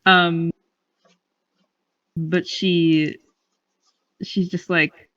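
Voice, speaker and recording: A woman's voice: lowish voice, flat delivery, extremely slow, a bit bright, no echo, recorded from a distance, highs cut off. A woman playing a tabletop game, giggly and hesitant with many fillers. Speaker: player. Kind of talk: casual tabletop play.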